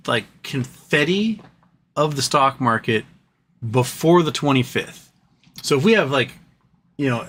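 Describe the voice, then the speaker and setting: A man's voice: medium pitch, slight background noise. Fed-up man venting on a livestream. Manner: frustrated, animated, swearing, stumbling restarts. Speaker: livestream host. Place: home office.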